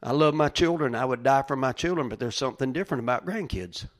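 An older man, preaching in a conversational style, calling listeners by name and moving between loud rises and quiet asides. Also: mid-range voice, fast. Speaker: pastor. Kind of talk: conversational sermon.

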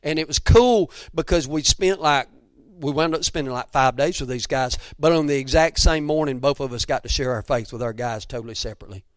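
A man's voice: medium pitch, a little fast, few pauses, no echo. Folksy Southern preacher man, dry sound. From Georgia. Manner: folksy, emphatic, drops to soft near-whispers. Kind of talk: sermon storytelling.

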